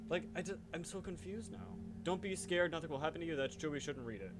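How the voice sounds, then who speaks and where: A man's voice: a little high, fast, music in the background. A man hosting a let's play, rambling and joking at himself as he reacts to the game. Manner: rambling, self-mocking, reacting aloud.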